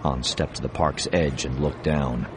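A man narrating a science fiction audiobook in a measured, expressive reading. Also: very deep voice, slight background noise. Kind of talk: scripted narration.

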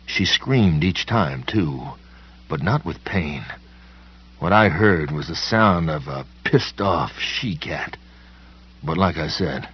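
A man with an extremely deep, husky voice tells a horror story in the first person, unhurried and folksy, with plain country grammar. The recording is muffled and a bit lo-fi. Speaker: audiobook narrator.

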